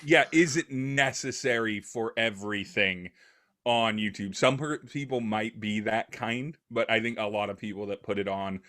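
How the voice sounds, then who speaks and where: A low-pitched man talks through ideas as a podcast guest, rambling and thoughtful. He fills his pauses with frequent "uh"s, and his tone stays conversational throughout. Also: bright, forceful tone. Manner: thoughtful, rambling, many fillers. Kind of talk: casual conversation.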